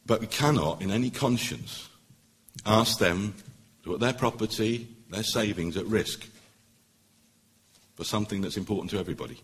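A middle-aged man, a barrister, giving an earnest, persuasive public speech at a meeting, pausing for emphasis. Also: on the low side.

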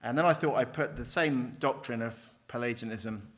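A middle-aged man lecturing on theology from a handout, lively, with wry, self-deprecating asides. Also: mid-range voice, moderate pace. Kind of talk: teaching with a handout.

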